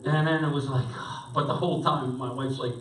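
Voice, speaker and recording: Middle-aged pastor telling a story in a roomy hall. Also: male voice, medium pitch, moderate pace. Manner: animated, rambling anecdote with restarts. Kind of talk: sermon with personal storytelling. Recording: roomy sound picked up from a distance.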